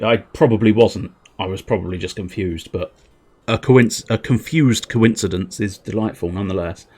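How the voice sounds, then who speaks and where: A man's voice: lowish voice, darkish tone. A man chatting on a gaming livestream in a wry, joking way and laughing often. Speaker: gaming streamer. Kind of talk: casual livestream chat.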